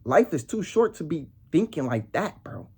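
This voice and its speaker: Young male vlogger, husky voice, heated slang-heavy rant. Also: a little high, very animated, normal speed, darkish tone. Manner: heated street slang, repeats "bro" and "nigga". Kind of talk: casual storytelling rant.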